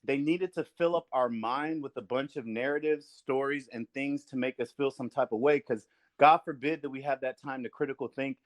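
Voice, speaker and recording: Podcast host guy, earnest, mid-pitch voice, dry close mic. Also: normal speed, no echo. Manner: earnest, builds up with repetition. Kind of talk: casual discussion.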